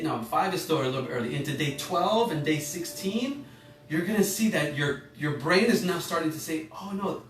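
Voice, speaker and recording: A man leads an online class on emotions in a loose, rambling way, correcting himself mid-sentence and asking his listeners questions. His voice sits a little high and comes from some distance off the mic. The room is echoey, with faint music playing underneath. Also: a bit bright. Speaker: emotional intelligence course teacher. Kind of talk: informal online class talk.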